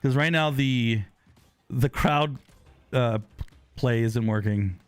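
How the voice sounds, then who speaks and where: A man streaming a live online game, chatting with viewers, excitable with sudden loud exclamations and quick apologetic laughs, on a close desk microphone. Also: mid-range voice, clean tone, no echo, faint music behind. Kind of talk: live gaming stream chat.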